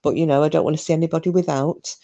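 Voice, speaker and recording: A woman's voice: low voice, fairly even intonation, rapid-fire, mellow, highs cut off. A woman hosting a live stream, chatting casually, gossipy and sweary, reading out comments.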